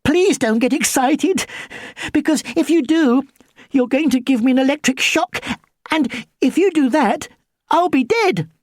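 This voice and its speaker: A woman's voice: high-pitched, expressive, measured pace, darkish tone, no room sound, studio quality, voice pushed up. A woman voicing a brave, earnest baby boy, urgent and pleading in a storybook reading.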